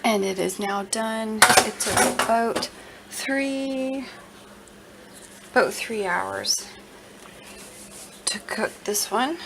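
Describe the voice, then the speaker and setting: Slow, gravelly woman cooking at home. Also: a little high, very noisy. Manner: chatty, talks to the food and the viewers. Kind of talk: casual cooking demonstration. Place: home kitchen.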